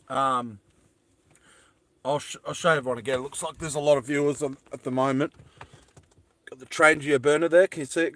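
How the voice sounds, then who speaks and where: With a fairly high, slightly bright voice, an Australian man hosts a casual livestream from his van. He rambles, greets people as they join, and answers the chat aloud. The recording has no echo.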